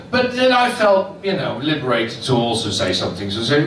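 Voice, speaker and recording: In an underground club, an older stand-up comic chuckles at his self-deprecating lines, speaking briskly with few pauses in a mid-range, slightly bright voice full of huge pitch swings. The echoey mic catches him from far off, with a little hiss or hum and audience laughter.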